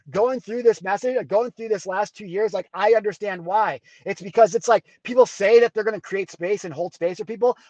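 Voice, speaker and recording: A man's voice: sits high, darkish tone, dry recording. A man hosting his own podcast in a raw confessional monologue, blunt, profane and fired up, from a rural farm background. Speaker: podcast host. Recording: dull dry sound.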